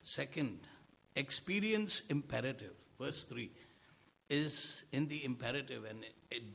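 Husky, gravelly-voiced preacher man. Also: mid-range voice, lively intonation, a little slow, sharp tone. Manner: preaching with rhetorical questions to the congregation. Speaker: pastor. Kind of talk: sermon.

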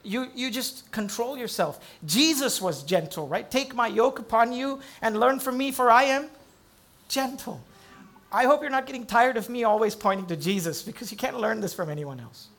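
A middle-aged male pastor preaching a sermon, dropping to hushed, low storytelling and then rising into loud emphasis. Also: normal speed.

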